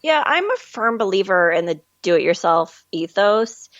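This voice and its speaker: A woman guest on a podcast, speaking in an animated, candid way and laughing easily. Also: mid-range voice, measured pace, dry recording. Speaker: guest, film distribution manager. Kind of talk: casual interview chat. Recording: dull lo-fi call audio.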